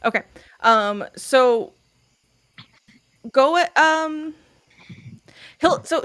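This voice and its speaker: A woman's voice: lowish voice, fairly bright tone. A woman running a tabletop game as game master, describing a character's actions step by step.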